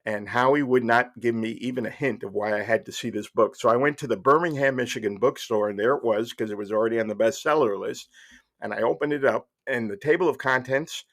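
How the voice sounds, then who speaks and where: A man's voice: medium pitch, brisk, a bit bright. A man in his sixties telling a wry, rambling personal story as a podcast host, with fillers and restarts along the way. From New Jersey. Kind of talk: casual storytelling monologue.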